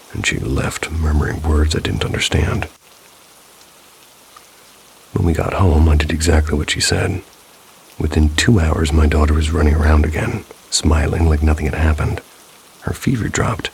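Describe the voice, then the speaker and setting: A male narrator with a strikingly low, gravelly voice reads eerie first-person stories. He keeps a scripted, measured delivery broken by dry, wry asides. A faint hiss of rain runs underneath. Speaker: storyteller reading viewer stories.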